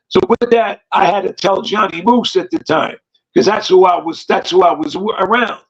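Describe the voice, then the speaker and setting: A man's voice: high voice, moderate pace, breathy edge. A man with a New Jersey accent telling long stories on a podcast, rambling and acting out the voices of people in them. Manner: rambling, acts out quoted dialogue. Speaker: podcast guest storyteller. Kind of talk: casual storytelling. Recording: dull lo-fi podcast audio.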